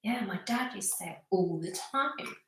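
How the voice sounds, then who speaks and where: A woman's voice: medium pitch, animated, normal speed, a bit bright, very echoey. A woman co-hosting a casual livestream, chatting playfully and laughing often. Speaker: livestream co-host.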